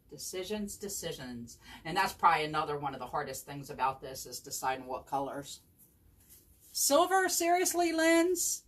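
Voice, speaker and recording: A woman running a live crafting tutorial at home, chatting with viewers, thinking aloud and answering them by name. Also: sits low. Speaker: chalk craft demonstrator. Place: home craft table with her dog at her feet.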